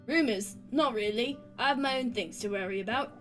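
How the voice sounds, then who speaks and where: A gruff, portly innkeeper in a text game, curt and dismissive, with a lilt, as a woman reads him. The voice sits fairly high, with faint guitar music underneath. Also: fairly quick, a bit bright, close to an everyday voice, low-quality recording. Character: burly gruff older male innkeeper.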